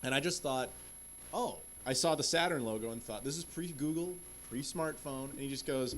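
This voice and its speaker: A man's voice: medium pitch, normal speed, a little hiss or hum. A man on a convention panel, casually telling a story and animatedly acting out what people said. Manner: animated, acts out quotes of others.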